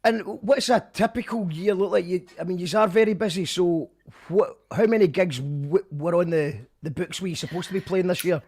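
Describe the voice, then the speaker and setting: A man's voice: high voice, normal speed, few pauses, a little mellow. A Scottish man hosting an interview, chatty and teasing, restarting his questions as he goes. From Scotland. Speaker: radio show host. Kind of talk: casual interview chat.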